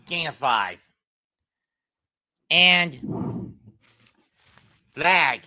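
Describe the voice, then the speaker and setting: A young man doing amateur play-by-play commentary of a football game in brisk, clipped calls. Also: medium pitch, animated, sharp tone.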